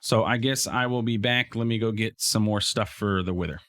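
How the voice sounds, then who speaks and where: A man's voice: fairly low pitch, normal speed, a bit bright, slight background noise. A man casually commentating his own gameplay, chatting to the creatures on screen and trailing off into fillers and restarts. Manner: chatty, talks to game mobs, frequent fillers and restarts. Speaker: let's play host.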